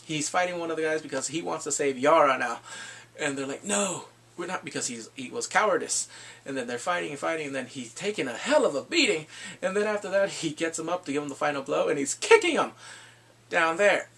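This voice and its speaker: A man casually recapping a TV episode in an excitable, rambling way, full of "like" and restarts. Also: a little high, fairly quick, creaky, slightly rough. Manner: excitable, rambling storytelling with frequent "like". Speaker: TV show reviewer.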